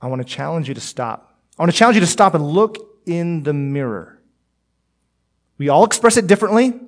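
A man preaching a sermon as pastor, earnest and direct, swinging between emphatic lines and hushed ones. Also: high voice. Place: church, streamed online.

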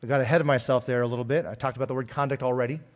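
A man preaching a sermon in an earnest tone, rising louder on key points and dropping softer after them. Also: medium pitch, fairly even intonation, racing. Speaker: pastor.

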